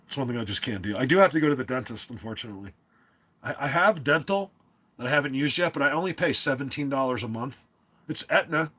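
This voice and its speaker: Fast and expressive, his medium-pitched voice carries a slightly bright quality. He's a New Jersey man running a laid-back livestream, wandering from thought to thought with lots of fillers, restarts, and self-interruptions.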